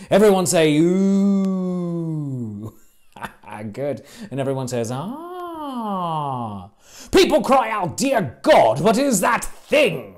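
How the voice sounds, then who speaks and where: A woman's voice: mid-range voice, a little mellow. A woman hosting as a jokey Shakespeare, playful and theatrical, often laughing as she leads the audience. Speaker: host. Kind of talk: comedic audience-participation hosting.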